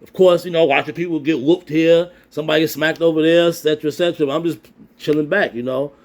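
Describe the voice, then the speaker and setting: A man casually telling a personal story, animated and acting out sounds and quoted voices. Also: a little high, fast talker.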